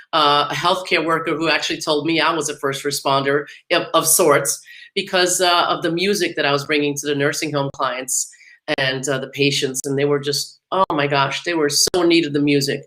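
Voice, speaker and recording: A woman's voice: sits low, steady tone, normal speed, bright, forceful tone. A middle-aged woman hosting a podcast in an upbeat, chatty way, laughing often. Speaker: podcast host. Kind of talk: casual podcast talk.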